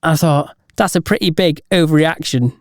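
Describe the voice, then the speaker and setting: A man co-hosting a casual podcast, telling jokes deliberately and chuckling at his own punchlines. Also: fairly high pitch, no room sound, clean studio sound. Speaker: podcast co-host.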